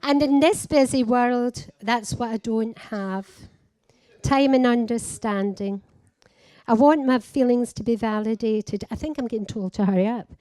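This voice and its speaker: An older woman with a Scottish accent giving a slow, heartfelt personal speech at a conference. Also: fairly high pitch, mellow, dry recording. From Scotland. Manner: slow, simple heartfelt phrasing. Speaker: conference speaker living with dementia. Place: conference hall.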